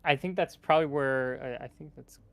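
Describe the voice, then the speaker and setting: Casting: gravelly man as a chatty tabletop player who meanders with fillers and restarts. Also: mid-range voice, fairly quick, a bit bright. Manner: rambling, full of fillers and restarts. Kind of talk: casual tabletop game chat.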